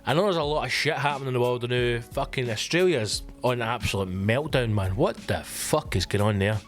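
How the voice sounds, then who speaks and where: A man's voice: medium pitch, a little fast, faint music behind. A Scottish man hosting his own comedy podcast, telling stories in a sweary, ranting monologue. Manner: sweary, ranting, animated storytelling. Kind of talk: casual comic monologue.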